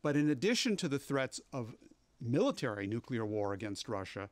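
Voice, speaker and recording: Guy doing a political news rundown, mid pitch, dry close sound, steady and emphatic. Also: no room sound. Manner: measured, emphatic delivery with occasional fillers. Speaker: webcast presenter.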